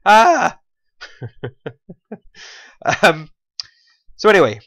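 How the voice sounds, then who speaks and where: A man's voice: medium pitch, moderate pace, a bit bright. A man from England talking casually through a chess game he played, rambling, correcting himself and laughing at his own mistakes.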